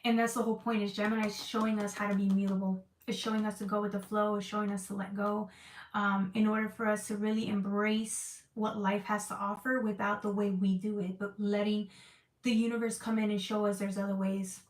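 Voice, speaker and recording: A woman's voice: medium pitch, little pitch movement, fairly quick, far from the mic. A woman giving a casual tarot reading, talking emotionally and repeating herself as she searches for words. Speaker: tarot reader. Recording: echoey room, voice off-mic.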